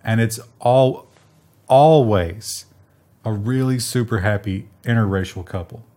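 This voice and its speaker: A man's voice: lowish voice, unhurried, dark tone. A man co-hosting a tech news show in casual chat, making dry, sarcastic jokes.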